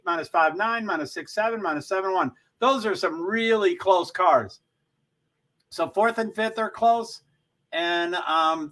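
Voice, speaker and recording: A man hosting a casual livestream, rambling through race positions with frequent throat clearing and self-interruptions. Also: high-pitched, fairly bright tone. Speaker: livestream host. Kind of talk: casual live race commentary.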